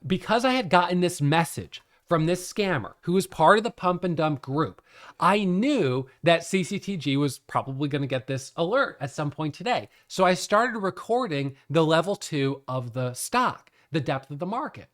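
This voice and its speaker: A middle-aged man explaining a trading topic in a casual, animated way, laughing often as he tells the story. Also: a little high, normal speed. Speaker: day trading educator.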